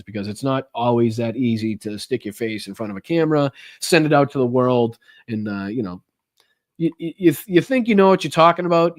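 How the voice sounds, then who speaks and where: A man hosts a live political stream from home. He talks in a loose, casual way, cursing freely and thanking his viewers. His voice sits in an ordinary middle register. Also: medium pitch. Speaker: political podcast host.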